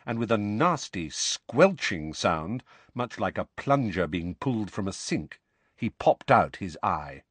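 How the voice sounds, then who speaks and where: A man narrating a fantasy novel as an audiobook reader, expressive storytelling. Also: on the low side, unhurried, breathy edge, dry recording. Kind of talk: scripted narration.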